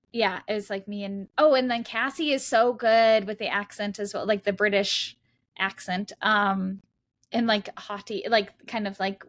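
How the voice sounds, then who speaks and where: A woman guest in a casual interview, talking in a loose, rambling way with many fillers and easy laughter. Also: mid-range voice. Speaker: guest actor.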